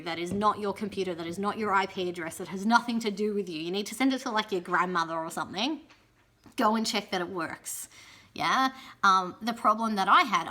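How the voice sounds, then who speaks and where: A young woman giving chatty, casual advice in a vlog, often checking in with "yeah?" and filling pauses with "um". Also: mid-range voice, sharp tone. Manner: chatty, frequent "yeah?" tag questions and ums. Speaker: pole and aerial competition vlogger.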